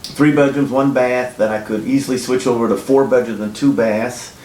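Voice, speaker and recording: A man who flips houses, telling his own story in a blunt, casual, profane way and getting animated when he quotes himself. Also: normal speed. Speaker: house flipper. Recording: echoey room with faint rumble.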